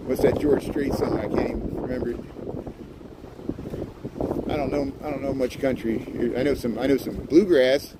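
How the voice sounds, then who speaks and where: A man hosting a casual livestream while walking a city street at night, chatting loosely and thanking viewers by name with easy laughs. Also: medium pitch. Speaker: livestream host. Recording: wind noise on the mic outdoors.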